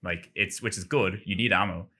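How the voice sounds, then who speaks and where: A man with a low voice and a sharp tone talks at a moderate pace. He's chatting casually on a gaming podcast, rambling and packing his speech with "like."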